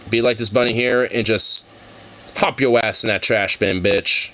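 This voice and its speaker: A man's voice: lowish voice, fairly even intonation, moderate pace, sharp tone, slight background noise, poor audio. A young man chatting casually over videos, rambling and swearing, with many fillers. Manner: profane, rambling, full of fillers. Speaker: streamer reacting to videos. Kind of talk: casual chat.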